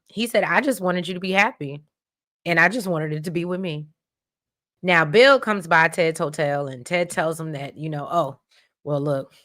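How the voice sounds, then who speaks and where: Emotional low-voiced woman recapping a soap. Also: fairly bright tone. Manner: emotional, exclaiming, addresses viewers as y'all. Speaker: recap host. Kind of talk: casual recap and commentary.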